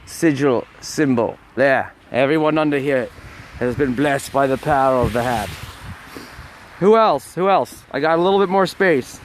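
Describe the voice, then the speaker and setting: A man's voice: mid-range voice, normal speed, slight background noise. A man hosting a casual live phone stream outdoors on a snowy street, chatting playfully with viewers while walking a dog. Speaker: livestream host. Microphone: phone held by hand.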